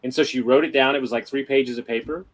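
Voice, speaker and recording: A man's voice: mid-range voice, fast talker, rough recording. Man telling a story with acted-out dialogue. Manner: animated storyteller, acts out dialogue, swears freely. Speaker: guest. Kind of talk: casual chat.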